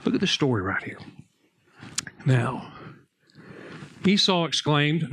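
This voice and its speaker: Pausing often and keeping a measured pace, this medium-voiced pastor delivers a conversational sermon. He recounts Bible stories and family anecdotes animatedly, raising his voice during the personal stories.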